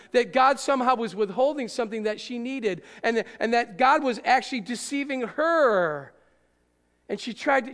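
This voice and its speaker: A male pastor preaching with animated, pointed rhetorical questions to his congregation. His voice is high with a gravelly grain. Long reverb trails behind him in a church hall. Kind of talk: sermon.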